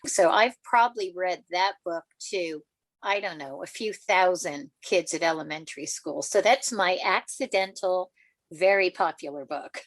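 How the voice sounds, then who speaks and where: An older woman, a children's author, telling stories in an interview, animated and laughing, acting out quotes in a higher voice. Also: measured pace, dry recording. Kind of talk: storytelling in a podcast interview.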